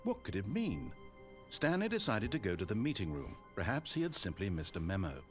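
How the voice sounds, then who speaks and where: A wry game narrator, with a lowish male voice that swoops widely in pitch as he tells the story deadpan, while faint music plays behind. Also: a little fast, slightly rough, exaggerated voice.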